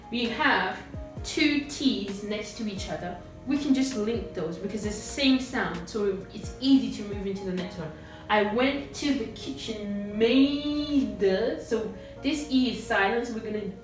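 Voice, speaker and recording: A woman's voice: mid-range voice, far from the mic. Echoey woman teaching pronunciation. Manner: models phrases slowly, repeating them clearly. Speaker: English teacher. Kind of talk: pronunciation lesson. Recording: very echoey room, voice from off-mic, faint music.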